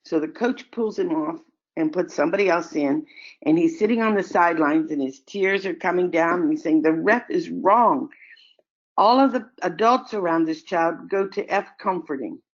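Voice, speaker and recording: An older woman answering audience questions in a calm, explanatory way, weaving in stories. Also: on the low side, moderate pace. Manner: calm, explanatory, tells stories with acted quotes. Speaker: expert guest answering questions. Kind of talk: online question-and-answer session. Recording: dull lo-fi audio.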